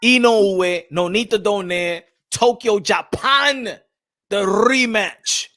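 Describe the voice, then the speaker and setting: A man with a notably high voice co-hosting a relaxed boxing chat. He teases the guest and keeps breaking into giggles. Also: slow. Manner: giggly, teasing. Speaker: co-host. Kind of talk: casual chat.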